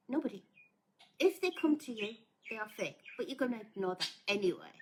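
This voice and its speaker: A woman's voice: on the high side, lively intonation, fairly quick, background noise. A woman speaking bluntly and earnestly to viewers as a scam awareness advocate, pleading with them to think. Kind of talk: casual warning talk to viewers.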